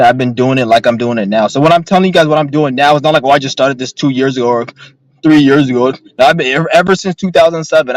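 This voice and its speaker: Sitting in his car, a young vlogger talks casually to the camera, rambling, swearing, and telling stories in an agitated, blunt way. His voice is mid-range, and the audio is poor, though without echo.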